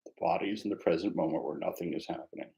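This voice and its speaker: A man teaching meditation, speaking in a reflective, conversational way with a gently self-mocking humor. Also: deep voice, rapid-fire, vocal fry, highs cut off. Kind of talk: mindfulness dharma talk.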